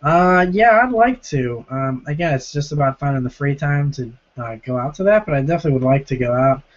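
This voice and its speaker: Hoarse young man hosting a live Q&A. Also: medium pitch, animated, fairly quick. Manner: chatty, reads viewer comments aloud and answers them. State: hoarse, sore rough throat. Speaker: live stream host. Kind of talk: casual live-stream Q&A. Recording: lo-fi stream audio.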